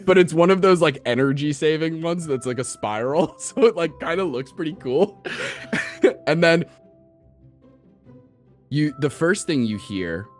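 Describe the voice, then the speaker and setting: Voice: mid-range voice, lively intonation, moderate pace, soft background music. A game master narrating a tabletop game, giggly and playful, improvising descriptions as they go.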